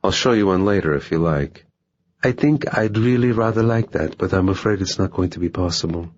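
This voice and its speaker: A man's voice: deep voice, brisk, lo-fi sound. A man voicing a cool, dry-witted male assassin with an understated delivery.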